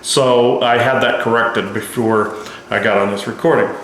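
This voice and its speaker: A man recounting a personal experience in a casual, halting, rambling way with many restarts. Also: medium pitch, fairly even intonation, fairly bright tone, slight background noise. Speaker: narrator of contact experiences. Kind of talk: casual spoken account. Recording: very echoey room.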